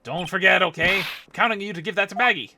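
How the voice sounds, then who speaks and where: A man's voice: high-pitched, fast talker, background noise, pitched above the performer's own voice. A man voicing an earnest, clumsy police detective in game dialogue, speaking in an eager, folksy, pleading way. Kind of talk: reading game dialogue aloud. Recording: music playing under the voice.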